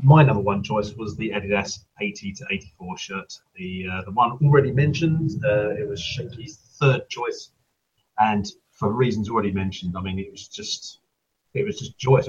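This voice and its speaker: A man's voice: fairly low pitch, lively intonation, normal speed, dull audio. A man co-hosting a football podcast, talking casually with frequent ums and hesitations. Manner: hesitant, lots of ums and uhs. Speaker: podcast co-host. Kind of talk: casual chat.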